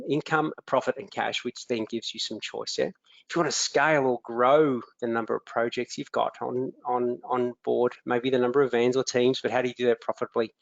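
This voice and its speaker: A man's voice: mid-range voice, gravelly, no echo. An Australian man hosting a live webinar as a business coach, upbeat, greeting attendees by name with frequent ums. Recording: dry, dull lo-fi webinar audio.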